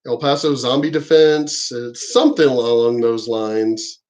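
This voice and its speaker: A vlogger talks in a casual, unhurried, rambling way, swearing freely and laughing often. When he starts ranting, his voice climbs higher and gets louder.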